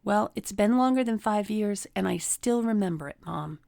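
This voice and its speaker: A middle-aged woman hosting a relationship coaching talk teaches through personal stories, acting out the people she quotes in a raised voice. Her mid-range voice is expressive, creaky, and mellow at normal speed, recorded in clean studio sound without echo.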